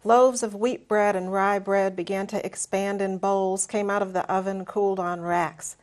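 Brief: woman novelist, mid-range voice, short halting intro, then steady reading. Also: mid-range voice. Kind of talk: introducing and reading her fiction.

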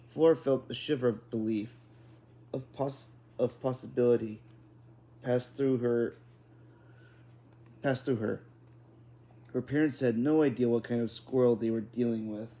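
A man's voice: mid-range voice, mellow. A man reading a children's book aloud in an unpolished style, often restarting and correcting words. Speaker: reader.

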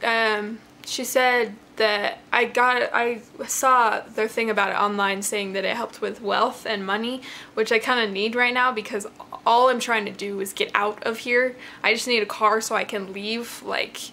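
A woman's voice: on the high side, fairly even intonation, normal speed, bright, forceful tone, a little hiss or hum. A young woman chatting in a rambling, casual way with many fillers, showing her jewelry to the camera from her bedroom. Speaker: vlogger. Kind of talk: casual show-and-tell vlog. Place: bedroom at home.

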